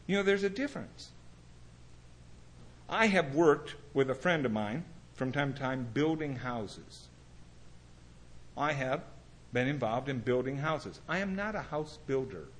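A man's voice: mid-range voice, lively intonation, a little slow, long pauses. A man preaching an earnest, conversational sermon, mixing scripture reading with everyday stories. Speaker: pastor.

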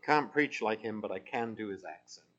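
A man's voice: lowish voice, moderate pace, a bit bright, highs cut off. A man preaching a sermon, lightly humorous in asides and emphatic when reading scripture aloud.

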